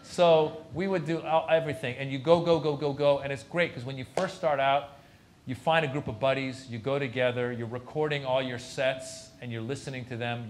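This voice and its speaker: A comedian appearing as a guest at a university lecture tells anecdotes during the Q&A, acting out other people's lines. His voice is medium-pitched, with a little hiss or hum in the recording.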